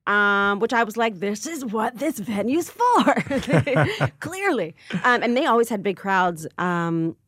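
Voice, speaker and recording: A woman comedian rambles through her stories with lots of filler words. Her pitch sits in the middle of the range. She is recorded close on a dry studio mic. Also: sing-song, slow, few pauses, fairly bright tone, no room sound. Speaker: stand-up comedian guest. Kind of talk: casual podcast chat.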